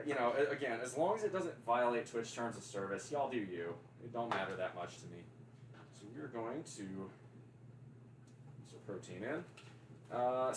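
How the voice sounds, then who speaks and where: A man's voice: on the low side, a little hiss or hum, poor audio. A man with a Southern American accent chatting casually on a livestream, joking, teasing and answering his chat. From Deep South of the US.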